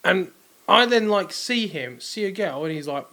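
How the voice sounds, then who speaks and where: A man's voice: high voice, animated, moderate pace, vocal fry, sharp tone. A man, co-hosting a podcast in casual chat, who teases and eagerly tells the story. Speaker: podcast co-host.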